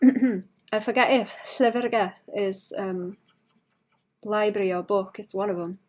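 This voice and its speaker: A woman's voice: mid-range voice, slow, darkish tone. Chatty woman musing aloud on stream. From Wales. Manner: chatty, musing aloud with many restarts and fillers. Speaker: artist streaming while drawing. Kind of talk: casual livestream chat.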